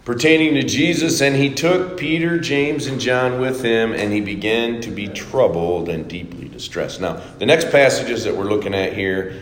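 A man preaching a sermon, dropping to a hush for scripture quotes and rising loud for emphatic asides. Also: medium pitch, normal speed, hardly any pauses. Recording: echoey hall with faint ambience.

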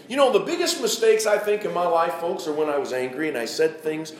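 Animated preacher in his fifties, echoey room. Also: on the high side, fairly quick, hardly any pauses. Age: 50s. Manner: animated, acts out quoted pleas with rising intensity. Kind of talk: sermon. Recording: echoey room with faint ambience.

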